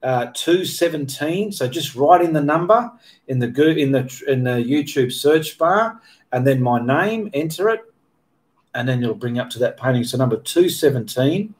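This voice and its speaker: With a mid-range voice, lively intonation and a moderate pace, a man runs a casual Q&A livestream for his painting channel. He voices viewer comments and answers them rather rambly, frequently stopping partway to correct himself.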